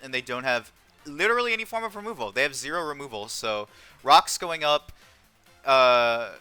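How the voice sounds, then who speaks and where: A man's voice: mid-range voice, bright, forceful tone, clean tone. A young man thinking aloud through a competitive online game match, calling his moves with frequent ums. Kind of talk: live gameplay commentary.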